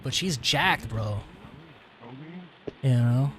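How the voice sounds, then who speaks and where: A man's voice: mid-range voice, expressive, very slow, a bit bright, a little hiss or hum. A man in his twenties casually commenting on a game he is playing, rambling and slangy, with frequent swearing. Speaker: streamer. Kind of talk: casual let's-play commentary.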